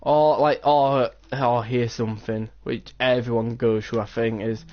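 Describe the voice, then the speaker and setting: A man's voice: medium pitch, steady tone, measured pace, dull audio. A teenage boy, chatting casually and rambling while playing a game, with many "like"s. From England. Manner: rambling, storytelling with lots of "like". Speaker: gaming channel host. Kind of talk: casual gameplay chat.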